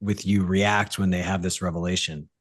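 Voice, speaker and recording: Low-voiced man, hesitant interviewer. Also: flat delivery, normal speed. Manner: hesitant, restarts questions. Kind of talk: interview question.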